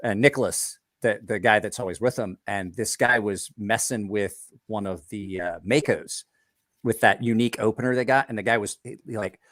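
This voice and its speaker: A man's voice: lowish voice, moderate pace, no room sound, studio quality. A man and knife maker telling stories in a casual podcast chat, acting out quotes and laughing often. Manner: animated storyteller, acts out quotes, laughs often.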